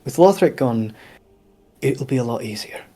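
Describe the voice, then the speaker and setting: A man voicing a measured, reassuring royal mother in a tabletop game. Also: medium pitch, lively intonation, warm tone, husky. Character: poised royal mother reporting politics.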